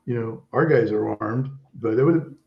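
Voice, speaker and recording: A man's voice: mid-range voice, moderate pace, creaky, lo-fi sound. A man in his seventies, a veteran guest, telling stories in a rambling casual chat. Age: 70s. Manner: rambling storyteller, restarts often. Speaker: guest, Vietnam veteran and author.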